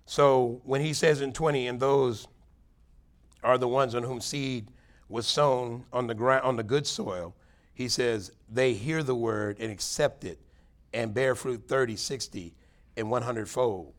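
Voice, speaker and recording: A man's voice: medium pitch, measured pace. A man preaching a plain-spoken Bible teaching sermon, earnest and conversational, with emphatic bursts. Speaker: pastor.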